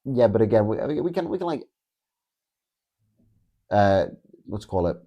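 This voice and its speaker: A man's voice: fairly low pitch, sing-song, measured pace, warm tone, dull audio. A man, hosting a live stream, reading viewer comments aloud in a rambling, sarcastic way and swearing often. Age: 20s. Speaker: livestream host.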